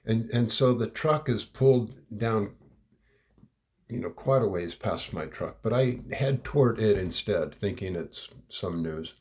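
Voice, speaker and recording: A man's voice: on the low side, lively intonation, unhurried, darkish tone. A middle-aged man telling a rambling personal anecdote, repeating words and chuckling as he goes. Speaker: storyteller. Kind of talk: personal anecdote told aloud.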